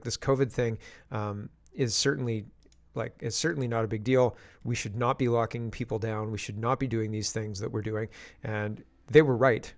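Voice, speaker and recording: A man from Canada hosting casual political commentary, chatty and skeptical, often restarting his sentences. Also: medium pitch.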